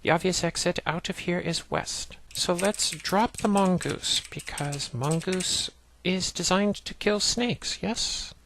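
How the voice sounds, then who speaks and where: A woman with a lowish, fairly bright voice narrates slowly with hardly any pauses, over a little hiss or hum. As a let's play narrator walking through an old text adventure game, she plainly reads the commands and game text aloud and explains each step.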